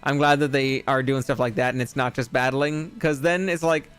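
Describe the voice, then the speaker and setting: A man's voice: mid-range voice, fairly even intonation, moderate pace, a bit bright, clear, resonant tone. A man streaming a video game, chatting casually in a rambling, goofy way, with plenty of fillers. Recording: faint game music behind.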